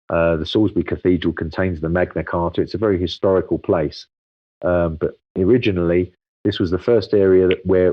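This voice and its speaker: A man with a lowish voice walks through his explanation steadily, filling pauses with ums. The sound is dry and slightly dull, like a lo-fi remote interview recording. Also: dry recording. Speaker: guest expert. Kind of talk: casual interview.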